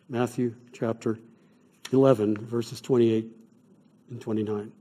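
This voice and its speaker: A middle-aged man, a chaplain, teaching an evening class on grief care in an earnest, measured way, with stories from his work. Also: mid-range voice, steady tone, dark tone. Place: classroom or church hall.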